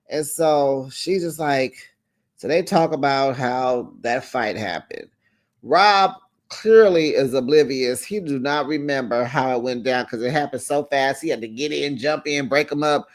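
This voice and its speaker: A reality TV recap host chatting casually with viewers in a sassy, direct way and laughing easily between remarks. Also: medium pitch. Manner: sassy, talks straight to viewers, acts out quoted lines. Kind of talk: casual episode recap vlog.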